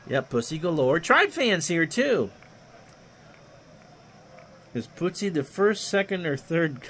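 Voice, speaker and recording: A man doing play-by-play for a replayed baseball game, reading stats and joking with chat between plays. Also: on the high side. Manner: reads stats in a steady run, jokes with chat between plays. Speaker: play-by-play announcer.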